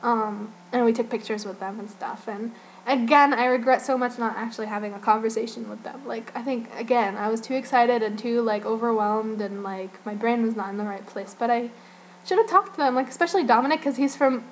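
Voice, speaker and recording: A woman's voice: fairly high pitch, fairly quick, a little hiss or hum, rough recording. A young woman from Northern Virginia chatting casually as a fan vlogger, rambling and giggling, with lots of "like" and "you know". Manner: rambling, giggly, heavy use of "like". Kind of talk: casual chat.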